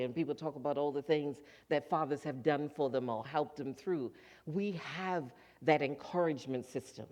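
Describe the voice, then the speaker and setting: A minister preaching in a church and telling a story to the congregation. The delivery is animated, and the preacher acts out the voices of the characters in the story. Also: medium pitch. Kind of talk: sermon. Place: church sanctuary.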